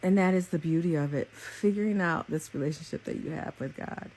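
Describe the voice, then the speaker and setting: A woman's voice: sits low, brisk, darkish tone. A young adult woman, a psychic reader and spiritual coach, gives an earnest, rambling, openly emotional spiritual message in casual confessional talk. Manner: earnest, rambling and repetitive, with many fillers.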